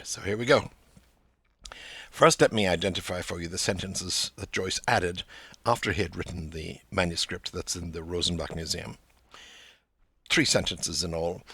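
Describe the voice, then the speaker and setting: A man lectures on a novel with eager enthusiasm, reading passages and acting out the quoted lines. His voice sits low but swoops widely, with a gravelly, husky edge. The sound is close and dry. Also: pushed and bright, dry recording. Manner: enthusiastic, acts out quoted dialogue. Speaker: podcast host and literary lecturer.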